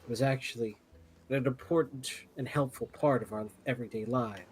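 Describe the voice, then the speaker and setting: A man's voice: mid-range voice, fairly even intonation, brisk, darkish tone, slight background noise, natural voice, rough recording. A man voicing a young human woman who overplays her pitiful, theatrical distress. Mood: mock-tragic.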